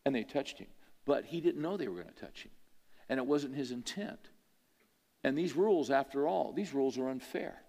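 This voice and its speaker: A man's voice: mid-range voice, lively intonation, normal speed, gravelly, mellow. A man preaching a sermon, telling a story in a conversational way and asking his listeners rhetorical questions. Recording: long hall reverb.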